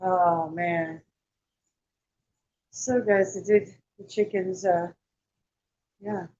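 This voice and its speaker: A woman's voice: lowish voice, fairly even intonation, extremely slow, warm tone, no room sound. Casual female vlogger, rambling delivery, dull dry lo-fi recording. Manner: rambling, talks to viewers and animals, many restarts. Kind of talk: casual morning vlog chat.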